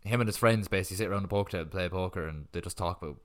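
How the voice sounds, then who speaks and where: A man's voice: low-pitched, racing. A man in his twenties with an Irish accent, co-hosting a podcast in casual, rambling chat full of swearing and filler words. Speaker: podcast co-host.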